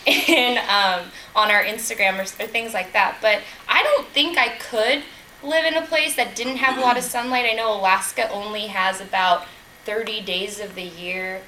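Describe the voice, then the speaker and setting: A woman's voice: on the high side, pushed and bright, a little hiss or hum, rough recording. A woman from Southern California giving a chatty, rambling impromptu speech at a club meeting, laughing as she goes. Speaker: Toastmasters speaker and meeting toastmaster.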